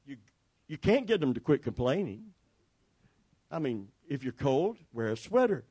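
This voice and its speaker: A man's voice: medium pitch, sing-song, normal speed, long pauses, dark tone, husky. A man pastor preaching a sermon with emphatic repetition and calls for the congregation to respond.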